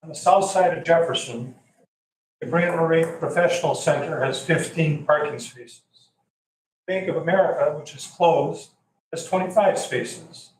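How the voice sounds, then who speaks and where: A man giving public comment at a council meeting, calmly listing figures one by one. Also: fairly high pitch. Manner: measured, lists figures one by one. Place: council chamber. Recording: echoey chamber, voice from far off, faint hum.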